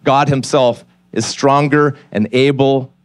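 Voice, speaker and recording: Speaking slowly and steadily, this forties-aged pastor preaches a sermon from the church stage with a clean, mid-pitched voice. His candid, conversational storytelling gives way to a heartfelt plea, all captured in a dry, close sound with little reverb.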